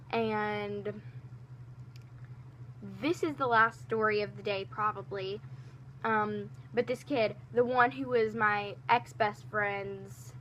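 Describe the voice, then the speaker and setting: A teenage girl telling rambling, animated school stories in a casual storytime vlog, with lots of fillers and restarts. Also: mid-range voice, slight background noise. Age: teens. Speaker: storytime vlogger.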